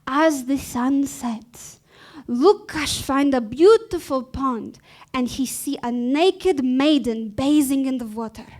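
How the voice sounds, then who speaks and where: A woman narrates comic fables in broken English. Her voice is high, and she speaks slowly and deliberately, in a dry, mock-solemn way. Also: darkish tone. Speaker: storyteller persona of a forest hag.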